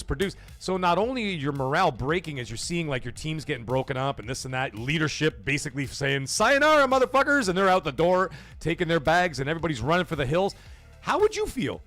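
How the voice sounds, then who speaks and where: A man's voice: fast, faint music behind. A man hosting a gaming livestream, ranting casually with lots of swearing and rhetorical questions, acting out quoted voices. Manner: profane, animated, rhetorical questions; acts out quoted voices with pitch jumps. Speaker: livestream host.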